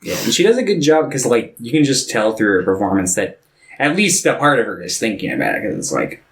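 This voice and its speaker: A man co-hosting a podcast, talking about films in a relaxed, laid-back way with casual swearing. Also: mid-range voice, a little fast. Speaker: podcast co-host. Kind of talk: casual film chat.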